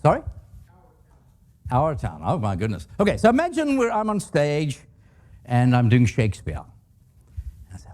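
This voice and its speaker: Older guy giving a leadership talk, really animated voice, a bit high, funny stories, asks the crowd stuff. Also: moderate pace, pauses often. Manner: animated, humorous, asks the audience questions. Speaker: guest speaker.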